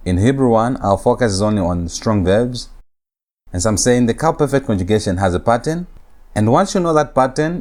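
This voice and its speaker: Male lecturer with a slightly low voice, methodical and repetitive delivery. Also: darkish tone. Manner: methodical, repeats key points slowly. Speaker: Hebrew teacher. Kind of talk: recorded classroom lecture.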